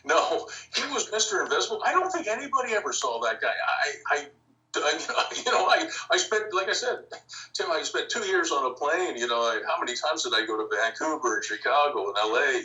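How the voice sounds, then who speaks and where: Animated older man telling stories, off-mic. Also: mid-range voice, distant mic, low-quality recording. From Canada. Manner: anecdotal, animated, chuckles while telling stories. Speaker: interview guest, hockey team founder. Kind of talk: storytelling podcast interview.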